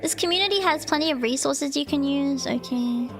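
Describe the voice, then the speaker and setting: A woman streaming live, reading a guide aloud and chatting hesitantly with many pauses and ums. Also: high-pitched, over music. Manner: hesitant, full of ums and restarts. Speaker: VTuber streamer.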